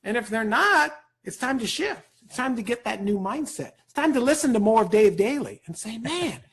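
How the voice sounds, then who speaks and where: A man speaking as a guest in an interview, giving an energetic motivational talk, animated and rapid, with a husky voice. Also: very high-pitched. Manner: animated, rapid, peppered with "right?".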